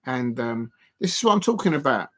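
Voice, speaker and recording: A man hosts a live football watch-along, talking loosely to chat viewers and filling gaps with ums and restarts. His mid-range voice is fairly bright and sing-song, and he speaks fairly quickly.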